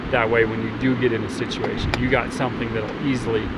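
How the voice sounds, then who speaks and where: A man teaching a survival skill outdoors, talking in a relaxed, halting way with many fillers and restarts while wind blows. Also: mid-range voice. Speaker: survival instructor. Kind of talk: outdoor demonstration. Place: outdoors, windy. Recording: noisy outdoor recording. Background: wind and outdoor noise.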